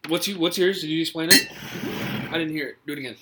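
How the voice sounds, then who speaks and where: A young man co-hosting a podcast in casual chat, laid-back and dry, often pausing on fillers. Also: on the high side, heavy background noise. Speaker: podcast co-host.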